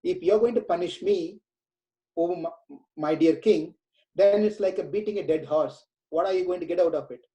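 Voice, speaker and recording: A man speaks as a detached, wise sage from a sacred story, reasoning calmly with an angry king. His mellow, slightly high voice stays patient and lightly chiding. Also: normal speed, lightly acted, poor audio. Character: calm detached male sage, unbothered and wise.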